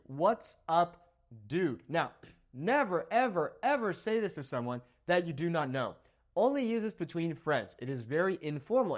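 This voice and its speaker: Lively young man teaching slang. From Southern California. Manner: animated, jumps between high emphatic words and low asides. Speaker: Spanish teacher. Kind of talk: energetic vocabulary lesson to camera.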